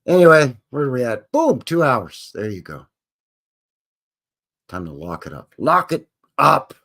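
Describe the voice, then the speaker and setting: A man's voice: mid-range voice, big pitch swings, unhurried. A man hosting a casual livestream, rambling and joking as he acts out little voices. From Canada. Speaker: livestream host.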